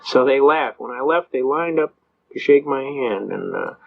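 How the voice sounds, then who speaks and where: A man's voice: medium pitch, animated, moderate pace, vocal fry. An older man giving a folksy, anecdotal lecture to a live audience, telling stories and acting out dialogue. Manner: folksy storyteller, acts out dialogue in quotes. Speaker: seminar speaker on constitutional rights. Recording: dull lo-fi recording.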